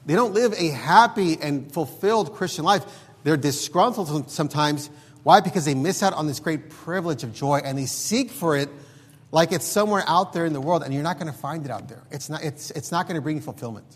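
A man's voice: fairly high pitch, brisk, slightly rough. A man preaching a sermon in an emphatic way, repeating words and often saying "look.". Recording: long hall reverb.

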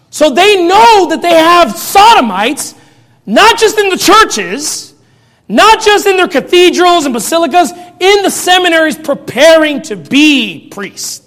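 A man preaching in a mocking, sarcastic rant, now and then bursting into shouts. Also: extremely high pitch, very animated, unhurried. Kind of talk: ranting commentary. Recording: long reverb.

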